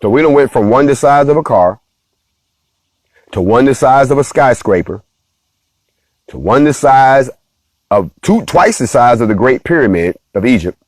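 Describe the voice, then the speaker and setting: A man hosts a casual morning talk, speaking straight to his viewers. His delivery is preachy and playful, in a mid-pitched voice. The sound is close and dry. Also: expressive, normal speed, pauses often, dry recording. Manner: preachy, playful, addresses the audience directly. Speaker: host.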